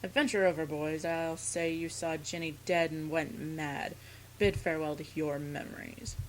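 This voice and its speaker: A woman voicing a vain, cowardly male wizard teacher, reading game lines a bit lower than her usual voice. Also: fairly even intonation, normal speed, a little hiss or hum, close to an everyday voice, poor audio. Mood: smug.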